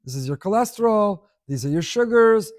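A man giving a sermon to a room, animated, asking rhetorical questions and repeating phrases for emphasis. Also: sits high, brisk, no room sound, studio quality. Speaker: rabbi giving a class. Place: room with an audience.

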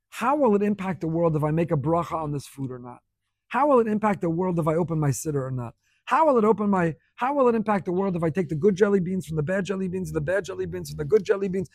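A man with a high-pitched voice delivers a sermon to students. He builds emphasis through rhetorical questions and repeated phrases. The sound is close and dry, with no room echo. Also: lively intonation, fast, vocal fry, a little mellow. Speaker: rabbi teaching students. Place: speaking in Jerusalem.

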